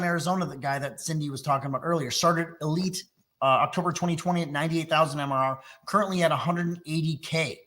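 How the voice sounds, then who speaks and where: A man from Texas hosting a live sales webinar, pitching a coaching program with fast, enthusiastic delivery. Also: a bit bright. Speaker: sales trainer and host.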